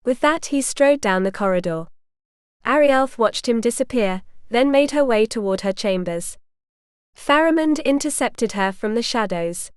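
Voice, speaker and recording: A woman narrating a historical romance audiobook in a measured, even storytelling manner. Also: fairly high pitch, clear, resonant tone, no room sound, clean studio sound.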